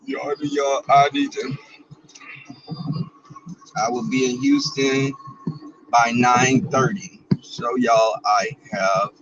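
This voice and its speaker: A man's voice: medium pitch, fairly even intonation, slow, long pauses, far from the mic, dull audio, background noise. A man, chatting casually and bawdily to viewers while he drives. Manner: chatty, bawdy and playful, talks to viewers and reads out their comments. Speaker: vlogger. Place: in a car.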